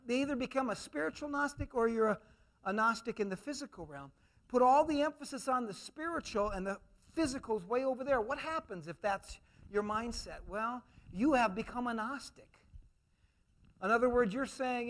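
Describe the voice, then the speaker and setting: A man with an extremely high-pitched voice preaches an emphatic sermon, swinging between loud declarations and hushed asides and mimicking others in mocking quoted voices.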